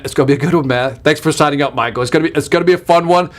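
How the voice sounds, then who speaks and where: A man's voice: a little high, racing. A man hosting a live sales webinar, talking energetically and emphatically and reading out viewer comments as he goes. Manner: energetic and emphatic, with punchy repetition. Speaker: sales trainer hosting a live online workshop.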